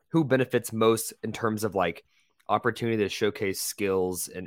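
Very low-voiced man, dry mic. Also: no room sound. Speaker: podcast co-host. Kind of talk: casual sports chat.

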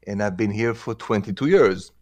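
A man's voice: fairly low pitch, moderate pace, a little mellow. A man with a French accent, hosting a call-in relationship advice show and mixing in French greetings. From France. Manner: friendly, mixes in French greetings. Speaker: radio advice show host.

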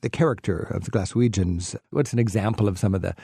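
A man hosting the conversation, asking his guests curious questions in a relaxed way. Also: fairly low pitch, fast, creaky, breathy edge, dry recording, clean studio sound. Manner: curious, prompting questions, chuckles often. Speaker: host. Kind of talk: casual interview.

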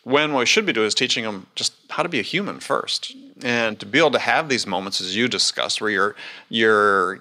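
A man's voice: lowish voice, sharp tone. A man speaking as a guest in a casual interview, making emphatic points and repeating key phrases. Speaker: sales expert guest.

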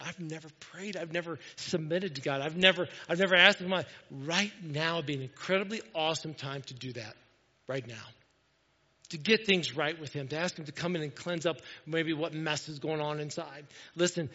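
Man preaching a sermon, higher voice, earnest, repeats himself, loud then hushed, dull echoey church hall. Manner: earnest, repetitive, swinging between loud urging and quiet hushed tones. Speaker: pastor. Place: church sanctuary.

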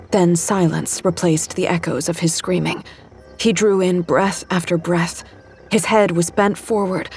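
A woman with a mid-pitched voice narrates a first-person thriller. Her storytelling is tense and vivid, and faint music plays softly beneath the reading. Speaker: audiobook narrator.

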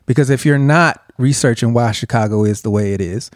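A man's voice: mid-range voice, a little fast, no room sound, clean studio sound. A man co-hosting a podcast, ranting emphatically in casual chat and swearing freely. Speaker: podcast co-host.

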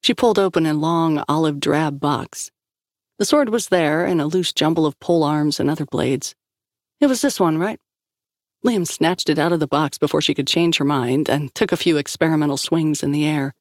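A woman narrating a story in an even scripted storytelling voice, recorded close on a studio mic. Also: sits low, normal speed, dry recording. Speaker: audiobook narrator.

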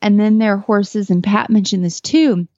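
A woman's voice: mid-range voice, fairly even intonation, normal speed, darkish tone, no room sound, dull audio. A woman guest telling a personal story in a casual interview, earnest and emotional, with many fillers and restarts. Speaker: podcast guest, horse trainer.

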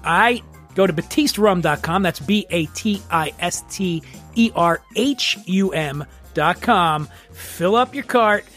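A man's voice: high-pitched, slow, fairly bright tone, faint music behind. A man hosting a podcast and reading sponsor ads in a jokey, rambling, self-mocking way. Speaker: podcast host. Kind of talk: casual ad read.

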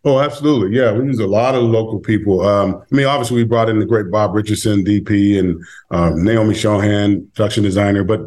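Male director as guest, deep voice, talks quickly and to the point. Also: a little mellow. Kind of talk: interview answers.

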